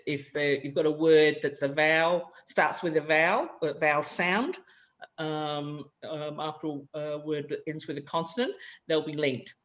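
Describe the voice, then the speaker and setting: A woman presenting a practical teacher-training workshop. She demonstrates example sentences aloud as she explains. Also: fairly low pitch.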